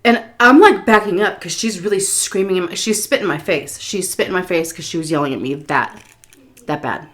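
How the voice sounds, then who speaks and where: A woman food vlogger telling a story while she eats, animated, with swearing and laughter. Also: on the low side, brisk. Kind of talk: story time while eating.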